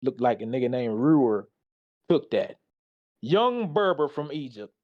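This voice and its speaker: A man's voice: medium pitch, sing-song, measured pace, lo-fi sound. A tired man giving a casual, slangy presentation, reading slides aloud and reacting to them. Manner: loose, slangy, talks back to the slides.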